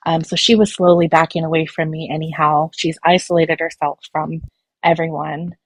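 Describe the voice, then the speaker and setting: A woman's voice: deep voice, little pitch movement, normal speed, no echo. Worried rambling woman, live stream guest. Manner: worried, rambling, many fillers. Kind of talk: casual chat.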